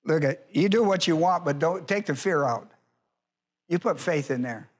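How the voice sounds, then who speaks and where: A man preaching a sermon in church in a folksy way, hollering at times and then dropping low, and acting out quoted voices. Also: expressive, normal speed, husky. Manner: acts out quoted voices in a high pitch. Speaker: pastor.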